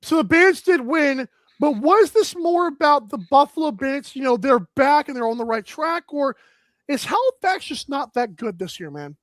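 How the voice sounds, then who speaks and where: A man hosting a sports talk show, energetic and rambling with lots of filler words. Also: extremely high pitch, normal speed, no room sound.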